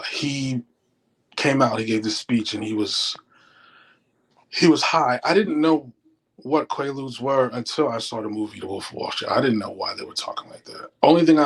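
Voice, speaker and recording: Husky man telling wild stories. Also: mid-range voice, poor audio. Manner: animated storyteller acting out quotes. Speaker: interview guest, former stockbroker. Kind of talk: casual storytelling.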